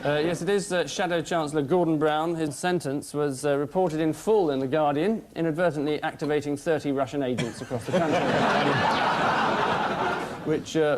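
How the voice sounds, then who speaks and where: A man hosting a TV panel quiz, delivering prepared jokes in a dry, deadpan way in a studio. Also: a little high, very noisy. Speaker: quiz show host. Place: TV studio with live audience. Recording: broadcast TV audio.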